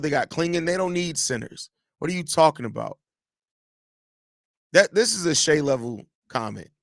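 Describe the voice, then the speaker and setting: A podcast host runs a live show, reading viewer comments aloud and teasing whoever sent them, speaking animatedly and straight to his audience. His voice is on the high side, with no echo and studio-quality sound.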